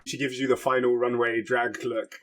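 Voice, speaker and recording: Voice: medium pitch, level tone, normal speed, a bit bright, a little hiss or hum. A podcast co-host trading sassy, campy one-liners in casual chat.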